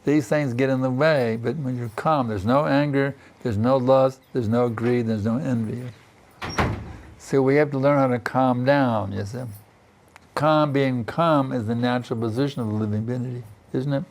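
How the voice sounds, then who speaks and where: A man's voice: mid-range voice, fairly even intonation, moderate pace, a little mellow. An older man teaching a scripture class in a temple, talking in a chatty way and often asking "isn't it" and "you see". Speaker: spiritual teacher giving a class. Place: temple in Vrindavan.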